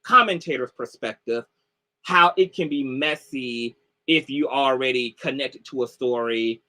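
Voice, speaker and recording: A man commentator on a livestream call casually recounts a story, his loose, chatty delivery heavy on "like" and "y'all." His mid-range voice is bright and forceful, paced in a measured way.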